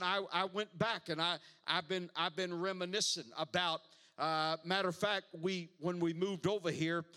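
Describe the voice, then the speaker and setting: High, bright-voiced preaching man. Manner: emphatic preaching, repeats words and calls for responses. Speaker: pastor. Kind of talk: sermon.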